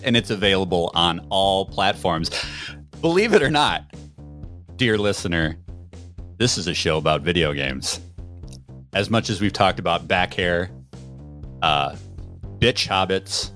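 A man's voice: fairly low pitch, fairly bright tone. A man hosting a casual podcast, wry and rambling, with frequent fillers. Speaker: podcast host.

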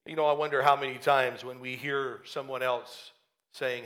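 A male preacher telling a Bible story in an animated sermon, often acting out its characters. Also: mid-range voice, moderate pace.

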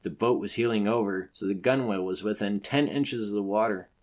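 A man with a fairly low voice reads a classic adventure tale aloud. His delivery is measured and dramatic, shaping each sentence of the narration with care. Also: darkish tone. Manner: measured, dramatic reading with acted outbursts for the characters. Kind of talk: scripted narration of a classic story.

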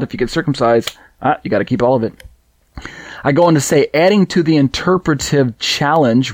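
A man's voice: mid-range voice, darkish tone, dry recording. A man teaching a Bible study lesson, explaining verses with rhetorical questions and frequent restarts. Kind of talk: recorded Bible study lecture.

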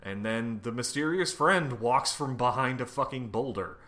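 A man's voice: medium pitch, normal speed, sharp tone. A man co-hosting a podcast, recapping a comic book in casual, profane chat full of fillers and restarts. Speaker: podcast co-host.

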